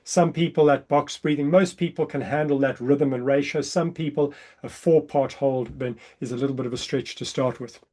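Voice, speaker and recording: A man leading a breathwork workshop over a video call, explaining exercises and counting slowly and softly through the breaths. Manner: calm counting, drops soft and low during counts. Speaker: breathwork coach.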